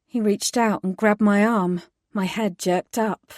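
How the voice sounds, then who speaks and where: A woman reading a first-person audiobook in a steady, measured voice. She lands the heroine's lines with clear emphasis. The sound is dry and close, with no room echo. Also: medium pitch. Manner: measured narration with emphatic dialogue. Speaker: audiobook narrator.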